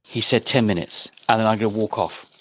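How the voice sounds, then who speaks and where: Guy playing a tabletop game, lowish voice, says what he does straight out, dry sound. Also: a little fast, a bit bright, no room sound. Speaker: player.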